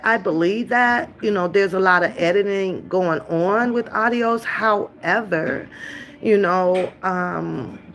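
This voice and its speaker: A woman's voice: a little high, a bit bright. A woman hosting a casual livestream reaction chat, laughing often, profane, calling her viewers y'all. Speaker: livestream host.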